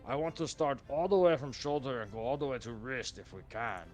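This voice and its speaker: A man's voice: mid-range voice, expressive, brisk, faint music behind, lightly acted. A man voicing an earnest male orc warrior who speaks in broken English, full of hesitant fillers. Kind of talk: tabletop role-play voicing.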